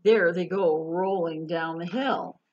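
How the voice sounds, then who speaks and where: Woman children's librarian, unhurried, lively sing-song storytime delivery, lo-fi. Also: fairly low pitch. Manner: animated and sing-song, asks children questions. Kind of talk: storytime read-aloud.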